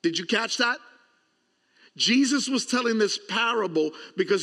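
A man preaching with a fairly high voice, pressing his points hard and then dropping to hushed, low phrases. He keeps asking the congregation direct questions, and his words ring out in a large reverberant hall. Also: expressive, normal speed. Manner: emphatic, swings between loud punches and hushed low lines; asks the audience direct questions. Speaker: pastor. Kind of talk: sermon.

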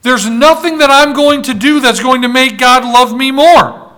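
A man's voice: very high voice, moderate pace, pushed and bright. A man preaching a sermon, emphatic, repeating words for weight and reading scripture aloud. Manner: reads scripture aloud in old-fashioned wording. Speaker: pastor.

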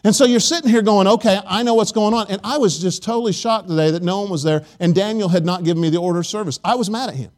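A man with a high voice preaches in a church. He keeps it loose and chatty, telling stories and asking his listeners for an amen. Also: quick pace, a little mellow. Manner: chatty storytelling, asks the congregation for amens. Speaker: pastor. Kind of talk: conversational sermon. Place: church sanctuary.

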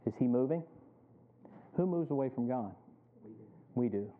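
A man's voice: medium pitch, lively intonation, unhurried, slight background noise. A man preaching a sermon as pastor, often asking the congregation to finish his sentences. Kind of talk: sermon with call-and-response questions. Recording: thin phone-like sound.

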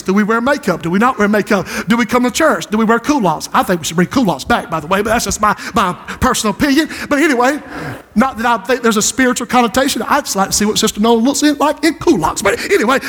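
A male pastor preaching a sermon, building to shouted climaxes and dropping into joking asides. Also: very high voice. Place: church sanctuary. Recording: long hall reverb.

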